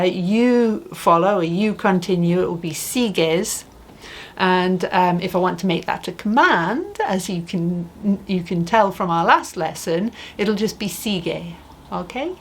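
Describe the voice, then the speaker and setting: A woman's voice: lowish voice, a little slow, a little hiss or hum. A woman teaching a language lesson, patiently asking questions and modeling phrases for the learner. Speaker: Spanish teacher. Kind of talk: slow spoken language lesson.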